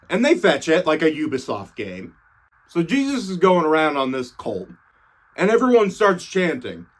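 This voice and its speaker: A man's voice: a little high, wildly swooping pitch, normal speed. A young man irreverently retelling scripture as comedy, slangy and swearing casually. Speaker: comedic storyteller.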